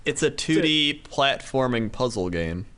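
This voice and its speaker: A man's voice: medium pitch, expressive, measured pace, a bit bright, smooth. A man co-hosting a podcast in easygoing casual chat, laughing often. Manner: laughing, easygoing, mimics voices. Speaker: podcast co-host.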